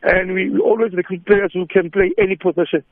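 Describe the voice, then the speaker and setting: A man's voice: sits high, level tone, fast, no room sound. A man with a South African accent, a football coach on a phone interview, mixing English and isiZulu with easy laughter. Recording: tinny phone line.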